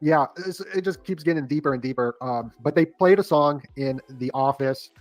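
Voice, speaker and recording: A man co-hosting a casual livestream, excitable and stumbling as he reads text aloud. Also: on the high side, normal speed, no room sound, soft background music. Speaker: podcast co-host. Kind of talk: casual conspiracy talk livestream.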